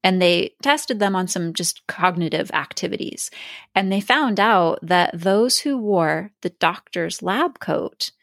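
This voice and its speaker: Lively woman podcast host, dry close sound. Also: fairly low pitch, a little slow, vocal fry, dry recording. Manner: lively, animated storyteller. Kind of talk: casual podcast chat.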